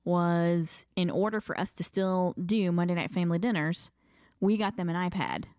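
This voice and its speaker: A woman's voice: fairly low pitch, normal speed, darkish tone, no echo. A woman co-hosting a podcast in casual chat, steering the talk with dry asides. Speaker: podcast co-host.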